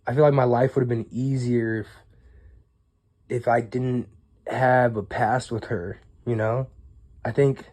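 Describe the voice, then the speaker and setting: A man's voice: mid-range voice, mellow. A young man in a rambling, profane casual monologue to camera, full of fillers and rueful disbelief. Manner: rueful, incredulous. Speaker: vlogger.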